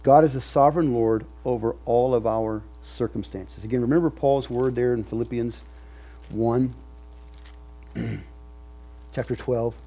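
Brief: man, pastor mid-sermon, breathy-rough tone, emphatic rhythm. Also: medium pitch, fairly even intonation, unhurried, long pauses, dark tone. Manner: emphatic, repetitive preaching cadence.

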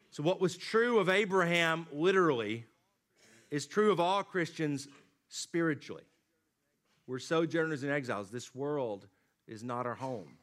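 Guy preaching a sermon, loud bursts then drops way down soft, mid voice. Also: normal speed. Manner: dynamic preaching, rising emphatic then dropping low and quiet. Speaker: pastor.

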